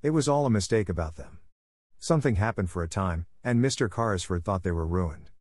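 A man voicing a plump schoolgirl who speaks slowly and stoutly, as if half stunned. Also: deep voice, expressive, darkish tone, dry recording.

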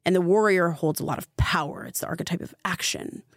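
A woman with a low, gravelly voice recounts a personal experience in a relaxed podcast chat. She speaks earnestly and leans on the word "like" throughout. The sound is close and dry, with no room echo. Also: quick pace. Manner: earnest, heavy use of filler "like". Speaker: podcast guest, spiritual coach. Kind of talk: casual storytelling conversation.

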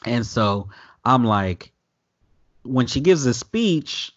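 Speaking slowly at medium pitch, the podcast host gives a loose, profane, animated retelling of a TV episode, quoting the characters as he goes. There's no room sound, and the high frequencies are cut off.

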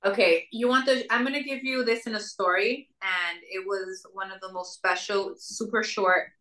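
Bright, roomy Dominican-accented woman. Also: medium pitch, steady tone, moderate pace. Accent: Dominican Spanish. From Dominican Republic. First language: Spanish. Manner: earnest storytelling with Spanish phrases. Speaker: guest. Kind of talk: casual interview conversation. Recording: roomy sound, distant mic.

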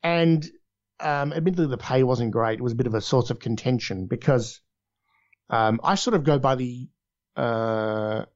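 Australian male voice actor, casual chat, animated, mid-pitched, slightly muffled recording. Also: normal speed. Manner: animated storytelling, voices in quotes. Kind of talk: casual conversation.

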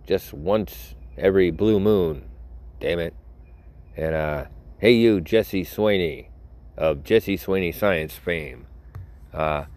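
A man's voice: low voice, a little mellow. A man hosting a podcast, telling a rambling story in a casual way and breaking into laughter often. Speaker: podcast host.

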